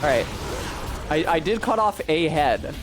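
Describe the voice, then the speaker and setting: A man's voice: a little high, animated, measured pace. A streamer talking through a boss fight, swearing and grumbling at the game as he plays. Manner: swears often, frustrated outbursts at the boss. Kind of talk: casual gameplay commentary. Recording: game music behind the voice.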